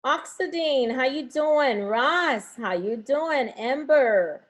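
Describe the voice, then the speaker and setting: A woman teaches an online class from home on a video call, her voice sitting a bit high. She talks through each step and keeps coaxing her students to answer in the chat. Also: animated, takes it slowly. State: has a headache.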